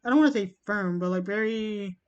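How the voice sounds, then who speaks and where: A woman in casual chat, rambling with many halting restarts. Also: mid-range voice, clean tone, highs cut off.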